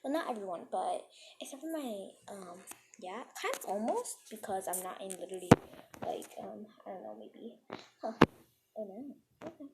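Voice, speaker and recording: A woman's voice: mid-range voice, lively intonation, moderate pace, creaky. A young female voice telling a casual story in a rambling way, with many fillers and restarts. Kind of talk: casual storytime while gaming. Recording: noisy home recording with clicks.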